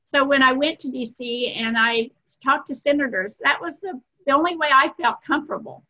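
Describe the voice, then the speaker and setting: Older woman, interview guest; earnest, self-deprecating storyteller, bright tone, lo-fi sound. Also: high voice, moderate pace.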